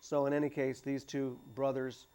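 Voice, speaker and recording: A man talking casually about a movie on a studio discussion show, halting and full of restarts. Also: medium pitch, little pitch movement, warm tone, clear, resonant tone. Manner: halting, many restarts and fillers. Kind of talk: casual chat about a film. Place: cable TV studio.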